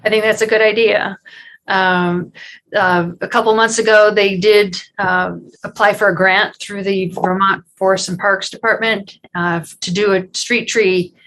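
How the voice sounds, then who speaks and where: A woman's voice: mid-range voice, steady tone, a little slow, fairly bright tone, a little hiss or hum, poor audio. Hesitant woman reporting at a town meeting. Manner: hesitant, many restarts. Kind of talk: public meeting discussion.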